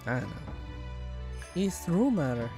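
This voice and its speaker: Young woman let's-player with a very deep voice, chatty and giggly, game music under her. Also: big pitch swings, takes it slowly, warm tone. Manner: chatty, laughs often, trails off with fillers. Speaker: let's-play streamer. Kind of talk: casual gameplay commentary and reading game lines aloud.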